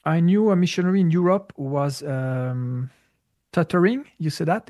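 A man answering a listener's question in a casual talk, halting and searching for words with many restarts. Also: fairly high pitch, highs cut off. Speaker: spiritual teacher answering questions. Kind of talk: casual spoken Q&A.

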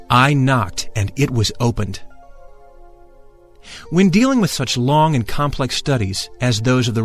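Male audiobook narrator, mid-pitched, solemn and emphatic, faint music bed. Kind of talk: solemn first-person book reading.

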